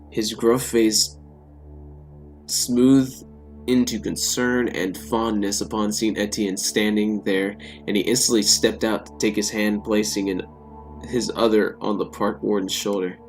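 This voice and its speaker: Man, lowish voice, reading a story game out loud, jokey asides, faint music behind. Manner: joking, talks back to the characters. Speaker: let's play gamer. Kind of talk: reading a text game aloud with playful asides.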